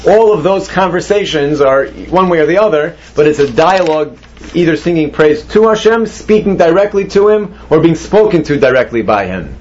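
A man's voice: on the high side, animated, moderate pace, a little mellow. A man teaching a Torah class, posing questions to his students and mixing Hebrew terms into his explanations. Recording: dull lo-fi recording.

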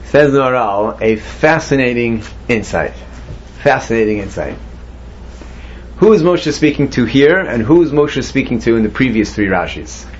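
A man's voice: mid-range voice, expressive, a little fast, few pauses, darkish tone, a little hiss or hum. A man teaching a Torah class, posing questions to his students and mixing Hebrew terms into his explanations. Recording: dull lo-fi recording.

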